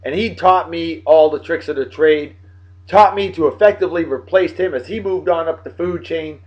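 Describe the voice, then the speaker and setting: A man hosting a casual show, giving boisterous, jokey shout-outs full of slang. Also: a little high, moderate pace. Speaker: host. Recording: dull lo-fi sound with faint music.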